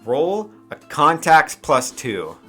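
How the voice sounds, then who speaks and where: A man's voice: a little high, big pitch swings, slow, pushed and bright, soft background music. A man running a tabletop role-playing game as game master, narrating loosely and using many fillers like "um" and "like".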